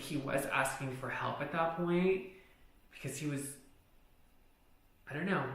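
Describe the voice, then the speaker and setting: Gravelly man telling a story casually. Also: medium pitch, a bit bright. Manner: profane, rambling, heavy use of "like". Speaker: vlogger. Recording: echoey room.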